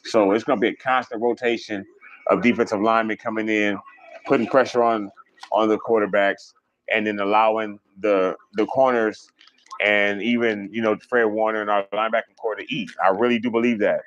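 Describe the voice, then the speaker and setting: Man, livestream host, animated, rambling, swears a lot, slightly dull lo-fi sound. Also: on the low side. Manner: animated, rambling, swears freely, fast talker. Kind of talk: casual livestream chat reading viewer comments.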